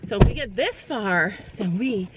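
A woman's voice: medium pitch, lively intonation, normal speed. Young woman vlogger, chatty and anxious, soothing a nervous horse; light background noise. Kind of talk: casual vlog narration. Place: horse trailer outdoors.

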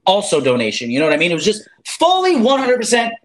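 Rambling, profane man with a lively voice. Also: sits high, fast talker, over a noisy crowd. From raised by immigrant parents. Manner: rambling, profane, full of "like" fillers, acts out quotes. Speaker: interview guest, former reality show contestant. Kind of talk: casual interview chat.

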